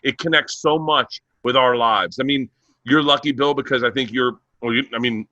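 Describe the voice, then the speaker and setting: A stand-up comedian, a man, in casual podcast chat, telling animated stories, acting out the people in them and breaking into big laughs. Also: mid-range voice, moderate pace, dry recording, highs cut off. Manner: animated storyteller who acts out voices and laughs hard.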